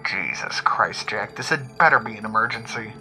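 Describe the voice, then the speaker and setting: An actor playing a tired, grumpy sheriff's deputy who was woken at night and is weary and impatient on the phone. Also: male voice, on the low side, normal speed, sharp tone, faint music behind. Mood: irritated.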